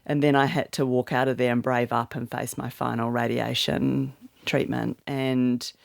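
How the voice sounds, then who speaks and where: A woman's voice: very deep voice, level tone, normal speed, gravelly, no room sound, studio quality. A middle-aged woman from Australia, a guest author telling a personal story openly and reflectively in an interview. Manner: open, reflective, emotional storytelling. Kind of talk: candid interview conversation.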